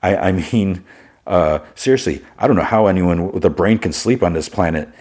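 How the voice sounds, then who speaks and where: A man's voice: sits low, normal speed, darkish tone. A man hosting a podcast, recapping a TV episode in a chatty way, full of "like" and "you know.". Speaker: podcast host.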